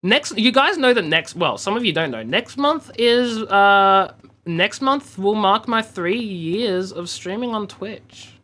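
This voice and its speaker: A man's voice: high voice, lively intonation, slow pace, bright, forceful tone. An Australian man chatting casually and joking while he streams a game. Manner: chatty, joking, mock-grumbling. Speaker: livestreamer. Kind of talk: casual gameplay commentary.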